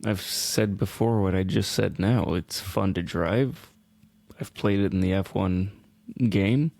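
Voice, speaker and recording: A man co-hosting a racing podcast in casual chat, with a dry, wry, deadpan way of talking. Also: sits low, measured pace, vocal fry, no echo. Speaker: podcast co-host.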